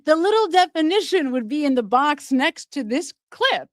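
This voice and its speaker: A woman's voice: sits high, very animated, measured pace, dry recording, studio quality. A woman hosting a true-crime commentary livestream, talking emphatically and often checking in with viewers through rhetorical questions. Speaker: show host.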